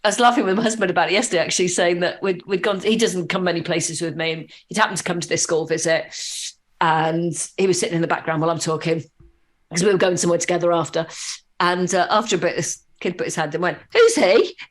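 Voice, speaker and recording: A woman guest on an interview podcast, telling lively anecdotes with many fillers and restarts. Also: fairly low pitch, fast. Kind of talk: conversational interview storytelling.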